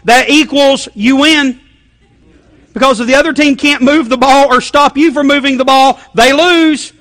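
A man's voice: extremely high pitch, expressive, moderate pace, a bit bright, big-room sound, voice pushed up. A man mimicking a male TV football analyst who solemnly states the obvious, in an emphatic, mocking tone. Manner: overly earnest, emphatic, mocking.

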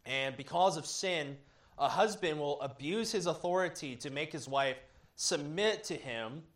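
A man preaching as a pastor, earnest and measured, with occasional fillers as he explains. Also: a little high, a bit bright. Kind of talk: sermon teaching.

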